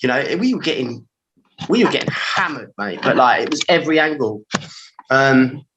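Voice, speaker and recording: A man in his forties with a London accent, a podcast guest telling animated, slangy stories and acting out his own reactions. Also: medium pitch, normal speed, dull audio, noisy background. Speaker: podcast guest, former pirate radio engineer. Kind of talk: storytelling in casual chat.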